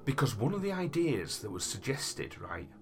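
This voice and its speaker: A man's voice: mid-range voice, big pitch swings, normal speed. A man, telling a spooky history story in a rambling, casual way with many restarts. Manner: rambling, restarts, dramatic asides. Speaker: podcast storyteller. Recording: noisy background.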